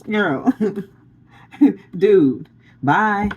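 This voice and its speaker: A woman's voice: mid-range voice, unhurried, darkish tone, lo-fi sound. A woman giving a casual spiritual pep talk as a tarot reader, blunt and preachy, laughing often and using slang.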